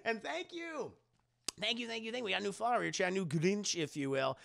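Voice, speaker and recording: A man recapping an anime episode on a live stream, casual, animated and profane. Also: sits high, brisk, gravelly.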